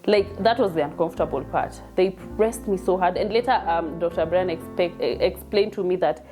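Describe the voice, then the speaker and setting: A woman's voice: lowish voice, normal speed, mellow, faint music behind. A young woman with a Kenyan accent telling a personal story in a chatty, emotional way, mixing English and Swahili. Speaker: vlogger telling her birth story.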